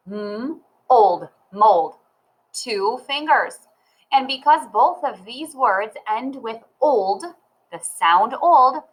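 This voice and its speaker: Slow sing-song woman teaching phonics. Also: a little high, poor audio. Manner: cheerful, slow and sing-song, talks to the child. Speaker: reading teacher. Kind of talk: children's phonics lesson.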